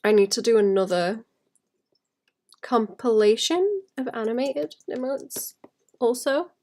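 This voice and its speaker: A woman who illustrates, chatting casually and thinking aloud while she draws, rambling and laughing softly. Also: on the high side, a little slow. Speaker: illustrator streaming while drawing. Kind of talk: casual chat while drawing.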